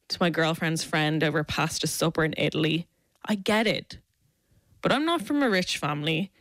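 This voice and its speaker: Brief: young woman, South Dublin Irish accent, lowish voice, dry studio sound, sardonic essay read. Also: no echo. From Ireland. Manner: wry, sardonic rant. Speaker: radio essayist. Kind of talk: scripted radio essay.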